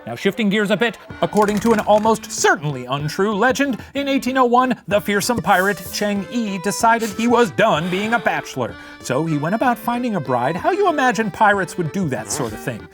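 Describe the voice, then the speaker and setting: Man voicing a theatrical puppet history professor; high, lively delivery over a music bed. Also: brisk, hardly any pauses. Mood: storytelling. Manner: theatrical and singsong, big swoops in pitch. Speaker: host playing a puppet professor. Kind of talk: comedic scripted history lesson.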